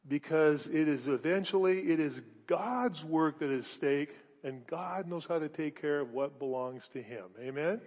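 A fairly high-voiced male pastor preaching in a long-echoing church hall, heard through a dull, muffled recording. He drives his points home with repeated words and rhetorical questions, swinging from loud declarations to quiet, intimate asides. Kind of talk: sermon.

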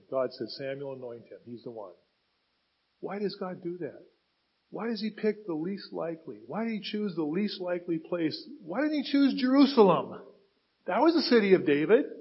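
A man's voice: on the high side, breathy edge, dull audio. A man preaching a sermon as a pastor, retelling scripture with dramatic rises and falls in emphasis.

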